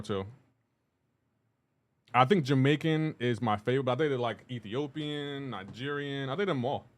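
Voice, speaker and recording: A male streamer talking casually to his live chat in a relaxed, mid-pitched voice. He greets viewers by name with bursts of enthusiasm and laughs easily. Faint keyboard typing is heard in the background.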